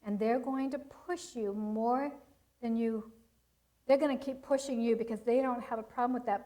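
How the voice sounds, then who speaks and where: Middle-aged female speaker, high-ish voice, lively faith-based parenting talk. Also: low-quality recording. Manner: animated storytelling, laughs often, acts out quotes. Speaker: Christian child-training speaker. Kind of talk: storytelling talk to a church audience.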